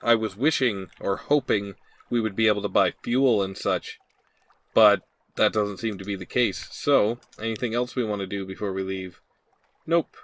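A man's voice: lowish voice, a bit bright. A man hosting a game playthrough, reading the game's text aloud and thinking aloud with hesitant ums and hmms. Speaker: let's play host.

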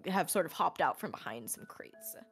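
A woman narrating a tabletop game as game master, casual and halting, with many fillers. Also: deep voice, expressive, gravelly, soft background music.

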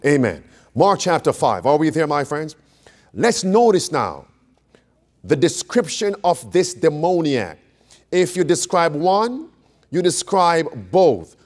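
Animated slow-paced male preacher. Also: on the high side. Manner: questions the audience, repeats phrases for emphasis. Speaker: preacher teaching a Bible class. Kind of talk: interactive Bible study sermon.

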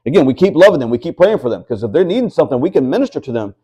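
A man's voice: fairly high pitch, very animated, rapid-fire, warm tone, husky. A man preaching a sermon to a house church, reading scripture aloud and asking the listeners rhetorical questions. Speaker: pastor.

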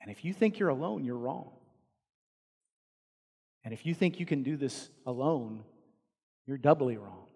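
A man with a Texan accent preaching a sermon as pastor, earnest, swinging from loud emphasis down to hushed, quiet lines. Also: mid-range voice, expressive, a little slow, gravelly, long pauses, husky, long reverb tail. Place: large church sanctuary.

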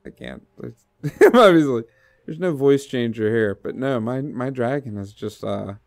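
Slow, gravelly man laughing through a game. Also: mid-range voice, no echo, clean studio sound. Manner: laughs often, excitable, talks to the character on screen. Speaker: game streamer. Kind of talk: live game commentary.

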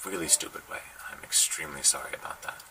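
A man giving a recorded apology as a company head, contrite and halting. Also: a bass voice, gravelly, pushed and bright. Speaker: company CEO. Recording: distant mic with faint noise.

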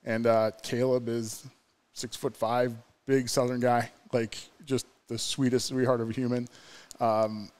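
A man's voice: mid-range voice, flat delivery, measured pace, darkish tone. Rambling storytelling man from New York. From New York State. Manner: rambling, lots of fillers and laughs. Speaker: podcast guest. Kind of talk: casual storytelling chat.

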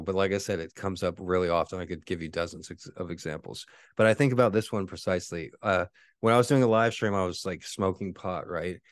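Give me a low-voiced man ranting casually, with lots of restarts and profanity. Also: dry recording, clean studio sound. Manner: rambling, profane, many restarts. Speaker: podcast host and author. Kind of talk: casual monologue.

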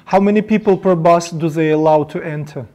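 A man's voice: fairly high pitch, brisk, darkish tone. A man hosting a casual video call, asking short questions in simple phrasing. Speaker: host.

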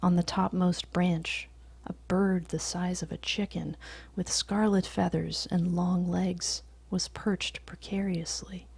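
A woman reading a short story aloud in a soft, often whispered voice, slow and steady. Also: on the low side, creaky, slightly rough.

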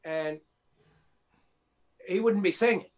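A man with a slightly high voice recounts his studio days in a relaxed interview. He rambles with fillers and quick restarts as he talks. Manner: anecdotal, acts out quotes, many fillers and restarts. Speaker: record producer guest. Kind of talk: casual interview storytelling.

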